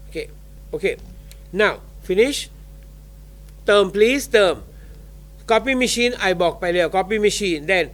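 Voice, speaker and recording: High-voiced man teaching vocabulary. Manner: mixes English and Thai, drills vocabulary aloud. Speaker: university English teacher. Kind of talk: classroom lecture.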